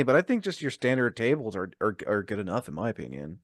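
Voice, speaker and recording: A man's voice: on the low side, very animated, quick pace, dry recording, clean studio sound. A man hosting a casual podcast interview, asking questions and reacting briefly. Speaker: podcast host.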